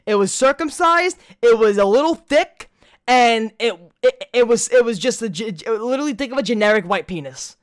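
A man's voice: very high-pitched, normal speed, smooth. Young guy on a podcast, swears a lot, rambles, voice shoots up when he gets worked up. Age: young adult. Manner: profane, rambling storyteller, voice jumps up when excited. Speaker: podcast co-host. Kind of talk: casual chat.

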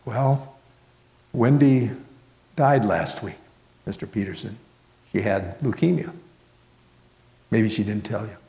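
A man voicing a grieving young mother who speaks softly and falters. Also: fairly low pitch, animated, vocal fry, exaggerated voice. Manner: soft, faltering, halting. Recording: long hall reverb.

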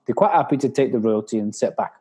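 A man's voice: medium pitch, lively intonation, quick pace, dark tone, breathy edge. A man hosting a podcast, talking bluntly with some swearing and acting out what other people say. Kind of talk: casual chat.

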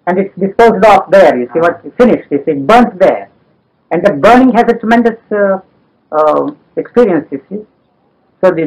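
High-voiced insistent man. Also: low-quality recording. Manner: insistent, emphatic repetition, frequent "you see". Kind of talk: philosophical dialogue.

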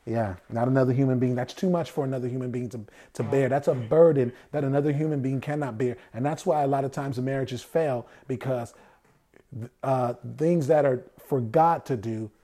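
A man preaches a conversational sermon, often posing rhetorical questions and answering them himself while acting out the voices of people he quotes. His voice is medium-pitched and warm, at a moderate pace.

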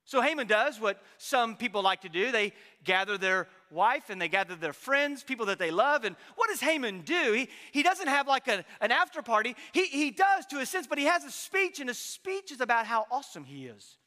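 A man preaching an animated, joking sermon with frequent restarts, in a church sanctuary. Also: extremely high pitch, fairly quick, few pauses, long reverb tail. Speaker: pastor.

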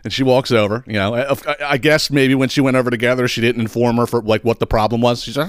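A man's voice: medium pitch, fast, hardly any pauses, no room sound, clean studio sound. Exasperated man ranting a story. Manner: profane, exasperated, animated. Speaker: podcast host.

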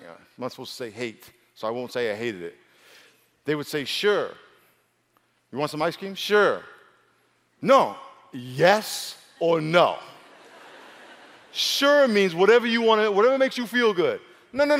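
A pastor from New York preaching a humorous sermon, acting out dialogue between stories. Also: male voice, a bit bright. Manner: storytelling, acts out dialogue with big pitch swings and laughs. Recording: long hall reverb.

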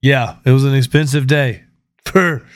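A man's voice: mid-range voice, a little slow, no room sound, studio quality. A man hosting a podcast in casual chat, joking and swearing freely. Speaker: podcast host.

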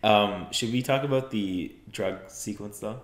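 A man's voice: fairly low pitch, a little slow. A man co-hosting a casual film podcast, laid-back with short reactions. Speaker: podcast co-host. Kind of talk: casual film-review chat. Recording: roomy echo.

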